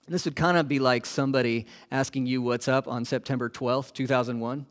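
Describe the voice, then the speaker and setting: A man preaching a sermon as a pastor, asking the congregation questions and moving between loud emphasis and hushed, quiet lines. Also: medium pitch, steady tone, brisk, few pauses.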